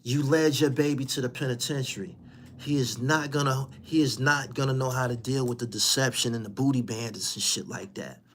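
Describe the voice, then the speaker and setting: A man hosting a podcast in a heated, profane rant, mocking his target and repeating lines for emphasis. He jumps from loud, high outbursts to low, muttered asides. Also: fairly even intonation, brisk, slight background noise. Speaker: podcast host.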